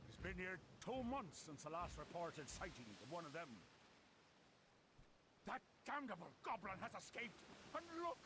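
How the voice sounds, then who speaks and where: An actor playing a bossy gnome pirate ship captain in a video game, talking in salty pirate lingo and barking orders. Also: male voice, high-pitched, sing-song, normal speed, noisy background. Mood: alarmed. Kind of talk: video game character dialogue.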